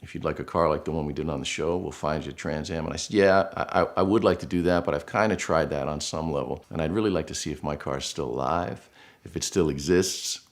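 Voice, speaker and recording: A man's voice: a bass voice, fast. A middle-aged man from Buffalo, New York, earnestly telling a personal story in a casual way and acting out the people he quotes. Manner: earnest, emotional, animated quotes. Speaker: guest storyteller.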